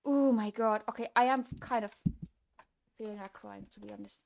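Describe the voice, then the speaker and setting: A woman's voice: medium pitch, fairly even intonation, normal speed, vocal fry, a little mellow, highs cut off. A young woman streaming her game development, talking to herself while she codes, swinging from frustrated to gleeful. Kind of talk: casual livestream commentary while coding.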